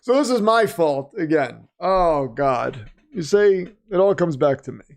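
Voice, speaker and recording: A man's voice: a little high, expressive, a little slow, vocal fry, a little mellow. A man hosting a casual live-stream watch party, reading the chat and joking sarcastically that he is the villain. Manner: chatty, sarcastic, jokingly self-styled villain.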